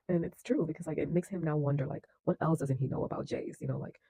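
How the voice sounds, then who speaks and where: A man with a fairly high, dark, creaky voice and a breathy edge reacts to films a little fast, effusive and slangy. He's enthusiastic, laughs often, and keeps restarting sentences amid many fillers, all on poor audio.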